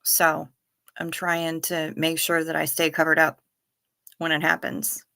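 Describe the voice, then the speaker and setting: A woman's voice: low voice, completely flat delivery, a little slow, sharp tone. A middle-aged woman, hosting a late-night livestream, tired and yawning as she chats casually with viewers and reads their comments. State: sleepy. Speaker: livestream host.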